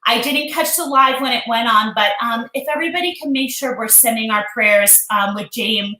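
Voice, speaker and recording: A woman's voice: a little high, normal speed, bright, forceful tone. A woman hosting a casual live stream, chatty and emotional, greeting viewers by name. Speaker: livestream host. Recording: echoey room.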